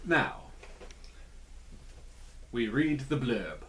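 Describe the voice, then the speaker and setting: Slow-talking guy reviewing cereal, jokey, voice bounces all over. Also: mid-range voice, expressive. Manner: playful, jokey asides. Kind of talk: casual review vlog. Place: small cramped indoor room.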